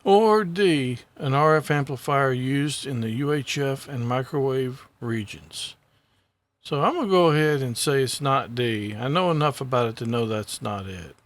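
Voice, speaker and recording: A man's voice: medium pitch, lively intonation, normal speed. A man co-hosting a casual show, joking and reading multiple-choice answers aloud as he works through them. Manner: joking, easygoing. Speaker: co-host taking the exam questions.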